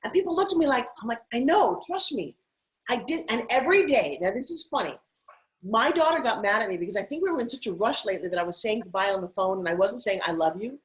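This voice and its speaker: A middle-aged woman, a TV host and spokesperson, telling animated stories as an interview guest. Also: mid-range voice, low-quality recording. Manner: animated, rapid anecdotal telling. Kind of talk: casual interview storytelling.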